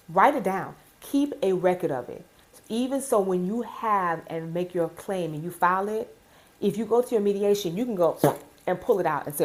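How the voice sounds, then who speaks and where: A woman's voice: lowish voice, a little mellow, low-quality recording. A woman giving blunt, profane workplace advice to fellow postal workers, repeating her key points with emphasis.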